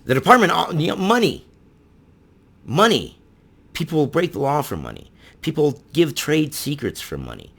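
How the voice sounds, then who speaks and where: A man's voice: fairly high pitch, huge pitch swings, normal speed, gravelly, long pauses, a bit bright, breathy edge. A man giving indignant, sarcastic opinion commentary on the news, full of rhetorical questions. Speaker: political commentary channel host.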